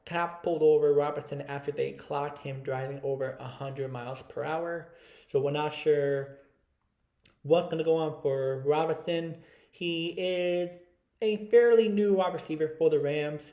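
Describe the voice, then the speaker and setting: A man co-hosting a casual sports podcast, rambling with many fillers and pausing to look up stats as he goes. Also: fairly high pitch, steady tone, highs cut off. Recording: roomy echo.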